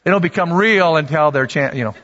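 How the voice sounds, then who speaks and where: Animated high-voiced male preacher in a reverberant hall. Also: brisk. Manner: animated, conversational preaching with repetitions and asides to the congregation. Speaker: pastor. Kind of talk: sermon. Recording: dull sound with long hall reverb.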